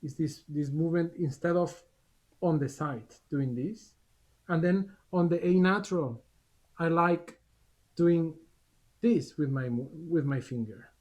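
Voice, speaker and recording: A man's voice: a little high, a little slow, darkish tone. A male clarinet teacher giving a masterclass over a video call, with short encouraging instructions between demonstrations. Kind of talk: masterclass coaching.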